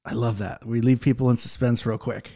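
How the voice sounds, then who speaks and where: A man's voice: medium pitch, steady tone, fairly quick, mellow, breathy edge. A man from New England hosting a casual podcast, joking and loose, with lots of "like" in his talk. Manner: loose, joking, says "like" a lot. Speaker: podcast host.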